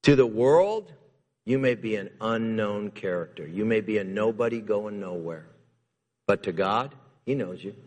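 A man's voice: lowish voice, expressive, measured pace. Emphatic male pastor in a reverberant church. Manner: emphatic, repeats key phrases, swings between loud and hushed. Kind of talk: sermon. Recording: long reverb of a church hall.

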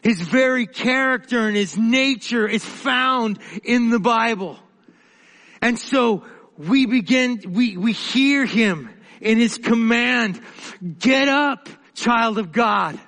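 Man, pastor, sermon, passionate, unhurried delivery, long echo. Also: very high-pitched, fairly bright tone. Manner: passionate, halting with frequent restarts.

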